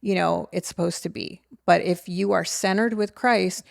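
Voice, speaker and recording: Gravelly low-voiced middle-aged woman. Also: fairly even intonation, moderate pace, no room sound, clean studio sound. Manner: earnest, reflective, faith-centered. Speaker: podcast co-host, mother. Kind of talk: casual heartfelt conversation.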